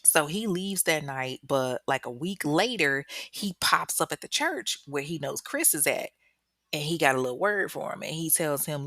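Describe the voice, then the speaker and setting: A woman's voice: deep voice, lively intonation, moderate pace, sharp tone, no room sound, clean studio sound. A woman hosting a true-crime podcast, telling the story casually with lots of slang, profanity and ad-libbed asides. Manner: slangy, profane, chatty, ad-libbing. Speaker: podcast host.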